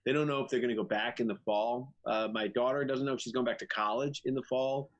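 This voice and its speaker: A middle-aged comedian on a video call, joking and rambling through anecdotes in casual chat. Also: male voice, mid-range voice, fairly even intonation, fast talker, highs cut off. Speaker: comedian panelist.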